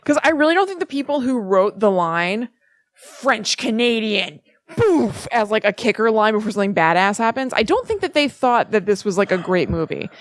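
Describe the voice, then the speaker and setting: A woman's voice: mid-range voice, very animated, quick pace, few pauses, no echo. A woman co-hosting a podcast, casually chatting about a horror film and agreeing often. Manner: agreeable, lots of short backchannel replies. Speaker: podcast co-host. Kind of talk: casual movie review chat.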